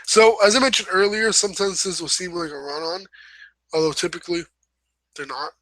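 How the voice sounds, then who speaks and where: A young man hosts a casual writing lesson, rambling a little, correcting himself and tossing in apologetic asides. His voice is high-pitched and a bit bright, with fairly even intonation at a normal speed. The recording is rough, with no room sound.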